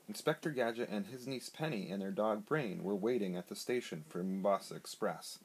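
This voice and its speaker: A man reading a picture book aloud to his son in a lively, expressive way, recorded on a handheld iPad. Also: fairly low pitch, brisk, few pauses, husky, rough recording. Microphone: iPad held in hand.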